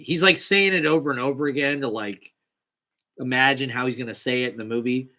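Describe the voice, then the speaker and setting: A man's voice: mid-range voice, a little fast, sharp tone. A young man telling a casual, rambling, profane, self-deprecating story about a small acting job. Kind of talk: casual monologue.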